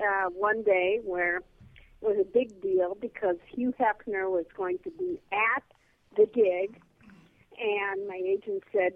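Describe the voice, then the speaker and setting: A woman guest telling a lively comedy anecdote over the phone, full of fillers. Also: medium pitch, no room sound. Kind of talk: casual storytelling on a call-in show. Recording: tinny phone line, dry.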